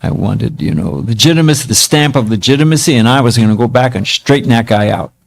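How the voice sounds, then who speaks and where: A man's voice: medium pitch, animated, fast talker, vocal fry. A man in his seventies, a monk giving a spiritual talk, telling stories from his past in a casual, self-mocking way. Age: 70s.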